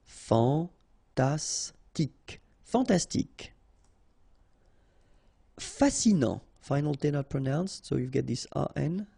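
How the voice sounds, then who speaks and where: A man with a French accent teaching pronunciation in a slow, unhurried way, repeating and spelling out each word. His voice is dark and gravelly, with a husky edge. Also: a little high, very animated, no room sound. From France. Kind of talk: pronunciation drill.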